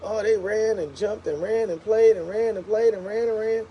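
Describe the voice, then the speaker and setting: A man telling a casual, animated story to viewers of his livestream. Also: sits high, moderate pace, slight background noise, poor audio. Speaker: live streamer.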